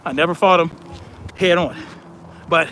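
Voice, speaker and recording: A man's voice: on the high side, pushed and bright, slight background noise. A man hosting a live stream, chatting casually and reading out viewer comments in a blunt, conversational way. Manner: blunt, conversational, drawn-out emphasis.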